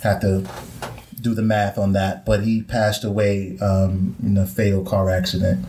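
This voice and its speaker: A man's voice: fairly low pitch, measured pace, a little hiss or hum. Young Caribbean man hosting a podcast. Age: young adult. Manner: relaxed, easygoing with fillers. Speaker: podcast host. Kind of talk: casual podcast chat. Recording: roomy echo.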